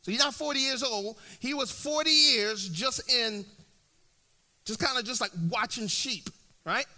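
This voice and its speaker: High, bright-voiced preacher man. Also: a little slow. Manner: conversational preaching, often checks in with "right?"; frequent restarts and repeated words. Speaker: pastor. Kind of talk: sermon.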